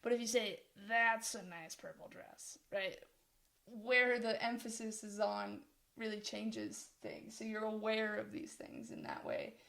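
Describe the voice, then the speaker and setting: A woman's voice: medium pitch, lively intonation, a little slow, creaky, fairly bright tone. A young woman co-presenting course material in a casual discussion, rambling, often breaking off mid-thought and laughing.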